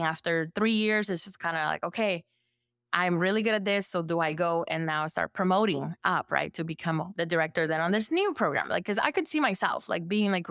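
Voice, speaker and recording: A woman therapist from El Salvador, speaking as a podcast guest in a relaxed storytelling way, full of "like" fillers and lively acted-out quotes. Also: fairly low pitch, clear, resonant tone, no echo, clean studio sound. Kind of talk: conversational storytelling.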